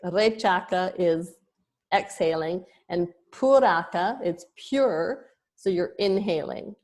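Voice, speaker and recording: A woman's voice: on the low side, slow pace, darkish tone. A woman yoga teacher giving an online lesson, explaining terms patiently with small restarts.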